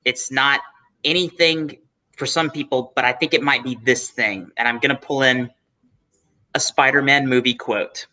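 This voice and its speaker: A man's voice: mid-range voice, steady tone, normal speed, sharp tone. A man co-hosting a casual chat, talking reflectively with rambling asides and self-corrections. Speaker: co-host.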